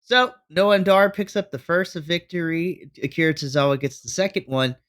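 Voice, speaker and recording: A man with an American accent co-hosting a podcast, recapping wrestling matches in a casual, excited way. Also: on the high side, normal speed. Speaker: podcast co-host.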